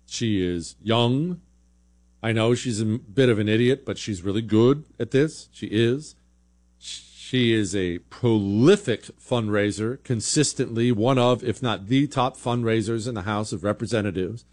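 A man's voice: fairly low pitch, measured pace, a little mellow. A man hosting a political talk show, giving blunt, sarcastic opinion commentary in a conversational way.

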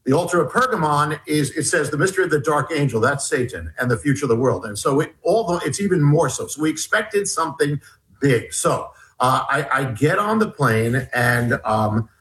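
Guest author, male, slightly high voice, storyteller who rambles and restarts often. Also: rough recording. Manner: rambling, halting restarts, excited retelling. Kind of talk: storytelling interview.

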